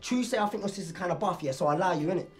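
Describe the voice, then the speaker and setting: An actor playing a cocky young London wannabe MC. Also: male voice, high voice, racing, faint music behind, natural voice. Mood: bickering. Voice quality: swaggering street slang, brash. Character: young male wannabe rapper, cocky and boastful. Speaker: film character. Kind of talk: comic film acting.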